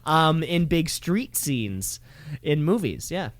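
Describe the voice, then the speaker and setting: A man co-hosting a podcast in casual chat, reading movie trivia in a quick, chatty way. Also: fairly high pitch, sing-song, dry recording. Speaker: podcast co-host.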